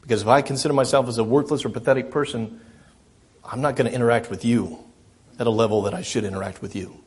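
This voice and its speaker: A man's voice: mid-range voice, fairly even intonation, quick pace, breathy edge. A middle-aged man preaching a sermon as a pastor, earnest and self-deprecating, often repeating his phrases.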